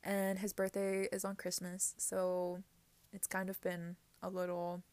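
A woman's voice: lowish voice, completely flat delivery, a little slow, a little mellow, no room sound. A young woman hosting a casual solo podcast, chatty and giggly, rambling with lots of fillers. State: teary-eyed. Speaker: podcast host.

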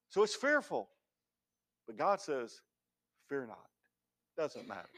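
A man pastor preaching a sermon, emphatic, swinging between loud declarations and hushed words. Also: a little high.

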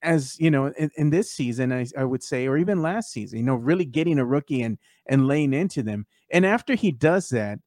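A man's voice: medium pitch, expressive, a little fast, hardly any pauses, darkish tone, no echo, studio quality. A man hosting a casual sports talk show, talking loosely with lots of fillers and reading out fan posts. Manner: conversational, many fillers, reads fan posts aloud. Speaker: podcast host.

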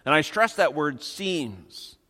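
A pastor delivering a sermon, earnest and emphatic, slowing down to stress key phrases. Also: male voice, on the high side, pushed and bright, long reverb tail.

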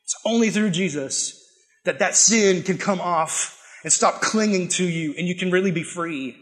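A man's voice: high voice, moderate pace. A young man giving a casual, joking sermon to students, acting out voices as he tells stories. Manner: animated, joking, acts out quoted voices. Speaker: youth pastor.

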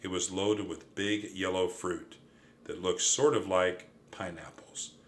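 A man reading a children's storybook aloud in a lively, expressive way. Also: low voice, slow pace. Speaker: audiobook narrator. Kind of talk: storybook narration.

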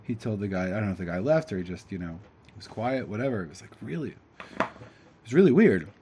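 A man's voice: fairly low pitch, big pitch swings, fast talker, background noise. A man giving a casual spiritual talk, rambling and reflective, with many fillers. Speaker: host telling a spiritual story.

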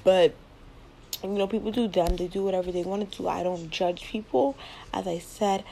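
A woman's voice: on the low side, moderate pace, creaky, dark tone, slight background noise, poor audio. Rambling teen girl on a laptop mic. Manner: rambling, repeats words, giggly. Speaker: podcast host. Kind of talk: casual late-night podcast chat. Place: home at night.

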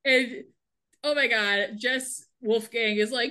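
A woman co-hosting a podcast, recapping an old TV episode in casual, wry chat. Her voice sits a little high and rings bright and clear. She laughs often and slips into quick voices for the characters. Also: fairly even intonation. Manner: wry, laughing, reads show lines in quick put-on voices. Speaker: podcast co-host.

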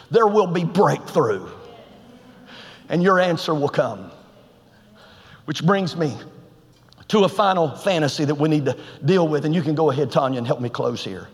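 An emphatic male preacher with a fairly high voice delivers a storytelling sermon in a colloquial style. His voice carries long church-hall reverb with faint music underneath.

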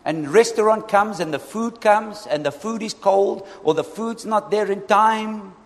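An animated male preacher with a fairly high voice, repeatedly calling out to his congregation. His voice rings with a long hall reverb. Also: measured pace. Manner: animated, asks the congregation for responses. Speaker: pastor. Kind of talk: sermon.

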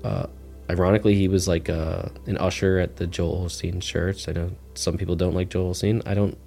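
A man's voice: low-pitched, a little fast, gravelly, soft background music. A man sharing a personal testimony as a guest in a casual, rambling way, full of "like" fillers. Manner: relaxed, rambling, heavy use of "like" fillers. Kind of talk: casual storytelling interview.

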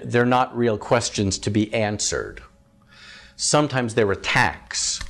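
A man teaching a live group about evangelism as a campus minister, chatty, asking the audience questions, with frequent ums. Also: fairly low pitch.

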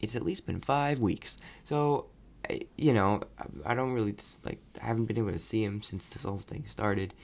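A young man casually reviewing a movie on his podcast, rambling and animated. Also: lowish voice, moderate pace, gravelly. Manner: rambling, animated, mocking voices when quoting. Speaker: podcast host.

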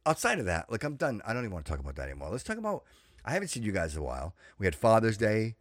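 A man's voice: on the low side, wildly swooping pitch, racing, no room sound, studio quality. A middle-aged man hosting a podcast, ranting in a casual monologue and repeating himself as he gets fired up. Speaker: podcast host.

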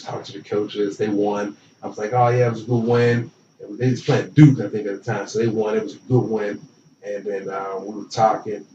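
This young man, an interview guest with a fairly low voice, tells lively stories from his small-town youth and imitates the people in them. The recording is roomy and dull, with him slightly distant from the mic and faint noise in the background.

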